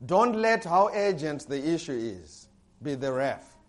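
Male pastor, high-pitched, animated sermon delivery with loud bursts. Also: unhurried.

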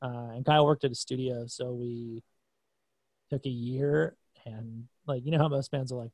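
Gravelly-voiced man, dry and self-deprecating. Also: medium pitch, fairly even intonation, moderate pace, a little mellow, dry recording. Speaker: musician guest. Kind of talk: casual conversation.

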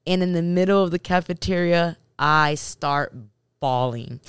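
A woman with a low voice tells a personal story in a casual storytime. She talks straight to her audience in an animated way. The sound is dry and close, with no room echo. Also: unhurried, smooth. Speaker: vlogger telling a story to her husband and viewers.

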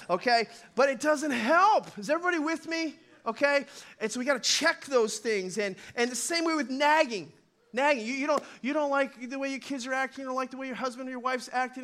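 A middle-aged man preaching a sermon in a loose, conversational way, talking straight to his congregation and now and then acting out short voices. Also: very high voice. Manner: animated, conversational, acts out quick voices. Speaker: pastor.

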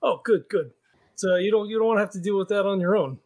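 A man's voice: sits high, fast, a little mellow. A man playing a laconic private eye. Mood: easygoing. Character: laconic male private detective. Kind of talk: tabletop role-play.

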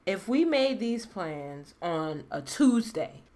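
A woman's voice: medium pitch, sing-song, slow, darkish tone. A woman co-hosting a casual chat, laid-back and slangy, laughing often.

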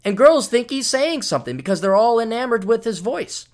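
Lively, rambling American podcast host. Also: male voice, extremely high pitch, a little fast. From United States. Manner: rambling, mock-ranting and sarcastic. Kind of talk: casual podcast monologue.

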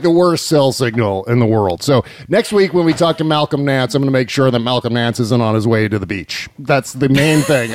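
A man hosting a podcast, telling stories in a casual, animated, incredulous way and laughing often. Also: mid-range voice. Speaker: podcast host. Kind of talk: casual chat.

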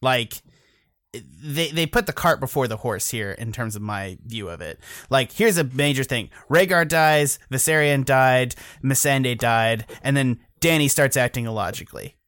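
A man's voice: medium pitch, normal speed, a bit bright, dry recording, studio quality. A man co-hosting a casual podcast, rambling and cursing, often stopping mid-thought to correct himself. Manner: rambling, profane, self-interrupting. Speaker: podcast co-host.

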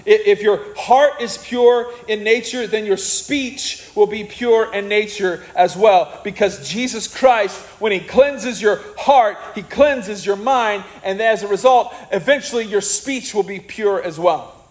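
A man preaching a sermon in an animated way, with joking asides and acted-out quotes. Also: high voice, a little slow, few pauses, low-quality recording. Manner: animated, jokey asides, acts out quoted people.

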